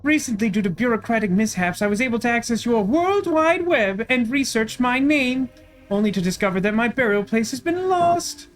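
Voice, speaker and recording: A woman's voice: fairly high pitch, expressive, normal speed, soft background music, close to an everyday voice. A woman voicing a vain, haughty ancient queen who has become a vengeful cyber ghost, declaiming grandly. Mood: grandiose. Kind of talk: voicing game characters.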